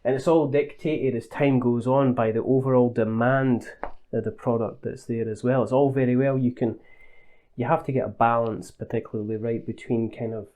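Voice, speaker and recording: A man reviewing a board game in a relaxed, rambling way, with many fillers and restarts. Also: medium pitch, normal speed. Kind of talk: casual review talk.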